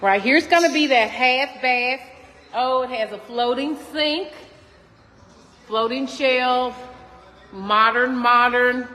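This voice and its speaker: With a high, slightly bright voice and an unhurried delivery, a Texan realtor shows off a model home, talking to her viewers as "y'all" and exclaiming frequently throughout the chatty tour. It's shot on a phone in an empty house under construction, so the rooms echo and there's faint noise.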